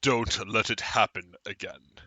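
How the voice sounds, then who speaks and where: A man voicing an eight-foot hulking inquisitor who speaks in a low, grave, gravelly voice. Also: a little slow, bright, forceful tone, no room sound, full character voice. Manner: grave, commanding.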